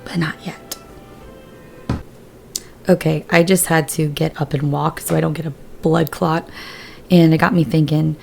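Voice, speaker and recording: A woman casually talking through a life-sim game, her voice hoarse after surgery, chatty and a little scattered. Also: deep voice, flat delivery, a little slow, long pauses, faint music behind. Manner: rambling, chatty, a bit scattered. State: hoarse after surgery, voice lower than usual. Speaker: gaming video creator. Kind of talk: casual gameplay commentary.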